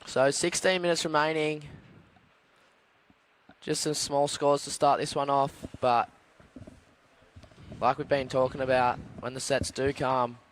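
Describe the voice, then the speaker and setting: A man giving steady, informative play-by-play at a live surf contest, reading out scores and surfers' colours. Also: mid-range voice, unhurried, pauses often, a little hiss or hum. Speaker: surf commentator. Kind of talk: live sports commentary.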